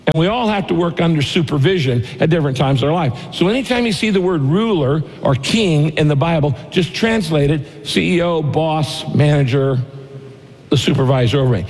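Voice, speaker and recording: Middle-aged male pastor, emphatic sermon delivery, slightly high voice, big reverberant church hall. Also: a little mellow. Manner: emphatic, repeats key phrases, slows for scripture. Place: church auditorium. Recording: long reverb of a large hall.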